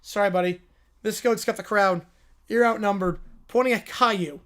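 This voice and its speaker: A high-pitched man hosting a loose, chatty livestream. He reads viewer prompts aloud and breaks in with amused, sarcastic asides. His delivery is casual and quick-witted. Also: fairly even intonation, sharp tone. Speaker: livestream host. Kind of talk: casual livestream reaction chat.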